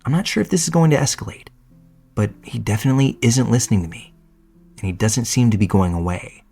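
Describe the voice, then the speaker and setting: A man's voice: medium pitch, lively intonation, quick pace, creaky, warm tone, breathy edge, faint music behind. A man reading a first-person horror story aloud in a casual, profane storytelling manner. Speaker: narrator. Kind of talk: scripted horror story narration.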